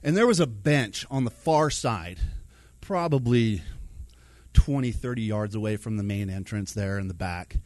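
A man telling a personal faith story, animated, acting out his own thoughts and the words of others. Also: on the low side, normal speed, dry recording. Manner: animated, acts out his own inner dialogue.

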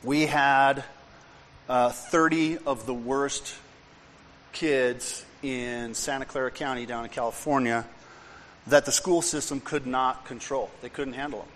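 A man's voice: mid-range voice, steady tone, unhurried, a bit bright, a little hiss or hum. Man preaching in a reverberant church. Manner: conversational storytelling that builds to emphatic repetition. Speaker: pastor. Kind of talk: sermon with personal storytelling. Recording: long reverb and faint room ambience.

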